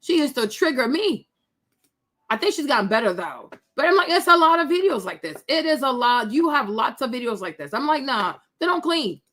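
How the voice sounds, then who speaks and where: Blunt, high-voiced woman mocking videos. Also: big pitch swings, fairly quick, a bit bright. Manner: blunt, mocking, laughs often. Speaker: commentator reacting to online videos. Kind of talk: casual reaction commentary.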